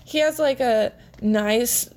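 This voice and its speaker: A woman's voice: on the high side, slow, a little mellow. A woman co-hosting a podcast in casual chat, rambling with lots of fillers. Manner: rambling, filler-heavy, giggly. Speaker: podcast co-host.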